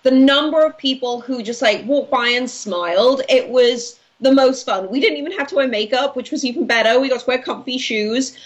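A woman in her late twenties from Wales, a guest writer chatting casually and brightly in an interview, quick to laugh. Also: high-pitched. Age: 20s. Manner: bubbly, chatty, laughs easily. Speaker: news and commentary writer, guest.

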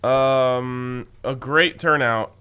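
A man's voice: medium pitch, fairly even intonation, very slow, clear, resonant tone, phone-quality sound. A man co-hosting a casual sports-betting podcast, talking in wry, joking banter. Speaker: podcast co-host. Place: studio in Colorado.

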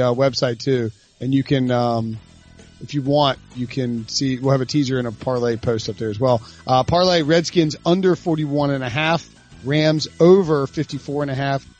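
A man's voice: medium pitch, normal speed, darkish tone, soft background music. A man hosting a casual betting podcast, chatty and thinking his picks through aloud. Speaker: podcast host.

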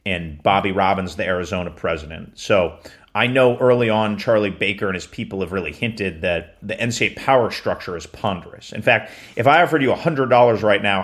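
Lower-voiced man, a sports reporter. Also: a bit bright. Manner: anecdotal, laughs often. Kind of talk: casual sports talk.

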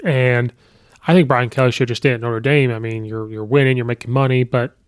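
A man hosts a casual sports podcast in a smooth, resonant voice of middling pitch. He talks in a loose, conversational way, full of ums and you-knows. The sound is dry and close to the mic. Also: steady tone, a little fast, no echo. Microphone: podcast microphone.

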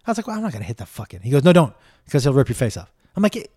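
A middle-aged man hosting a casual comedy podcast, telling stories in an animated way, acting out the people he quotes, swearing often. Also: a little high, rapid-fire. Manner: animated storytelling, acts out quotes, swears, talks to his dog.

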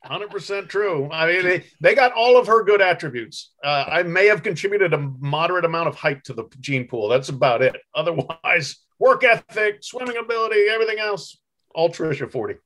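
A man's voice: on the high side, lively intonation, brisk, a bit bright. A middle-aged man, a guest sportswriter, chatting easily in an interview, laughing often and telling stories fondly. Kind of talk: casual interview chat.

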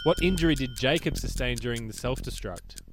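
A man co-hosting a podcast and reading trivia questions briskly and dryly, mid-pitched and plain. Clear background noise with clicks sits under his voice. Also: animated. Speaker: podcast co-host, quizmaster. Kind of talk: running a trivia quiz, casual chat. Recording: noisy background.

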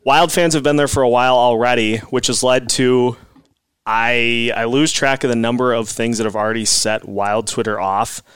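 A man's voice: mid-range voice, steady tone, normal speed, a bit bright, smooth, dry recording. A man hosting a casual sports podcast, talking in an easygoing, rambling way with fillers. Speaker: podcast host.

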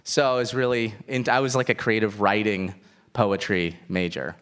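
Guy in his 30s, stand-up comic, bright upbeat voice, jokey and animated. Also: fairly low pitch, normal speed, clear, resonant tone. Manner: animated, self-mocking, laughs often. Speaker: stand-up comedian. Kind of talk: stand-up set, then interview.

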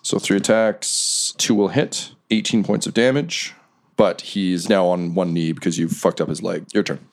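A man narrating a tabletop game as game master, wry and quick to laugh. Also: low voice, fairly even intonation.

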